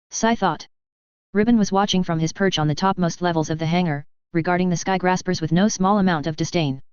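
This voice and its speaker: A woman narrating fan fiction in an even, plain reading style, on a dull, dry recording. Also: lowish voice, a little fast, clear, resonant tone, no echo.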